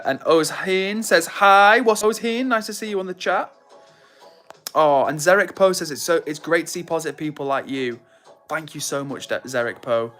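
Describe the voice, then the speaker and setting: A man's voice: mid-range voice, fairly bright tone. A young man hosting a livestream, casually reading viewer comments and greeting people by name in a friendly, upbeat way. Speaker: livestream host.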